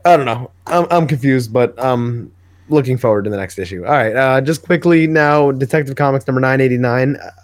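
A man co-hosting a comics podcast in casual chat, retelling scenes and slipping into quick character voices as he goes. His voice sits at an ordinary middle pitch and sounds dry and close, with little room sound. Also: no room sound. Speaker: podcast co-host.

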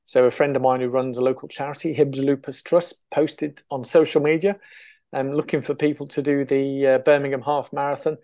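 Older english guy chatting in an interview, mid-pitched voice, lots of ums and laughs. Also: flat delivery, brisk, dark tone. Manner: chatty storyteller, laughs often, many fillers and restarts. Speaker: interview guest, runner. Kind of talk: casual interview chat.

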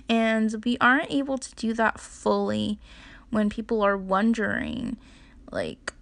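Young woman vlogging, slow and gentle, bit of vocal fry, soft laughs and whispery bits. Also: a little high. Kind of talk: personal talk to camera.

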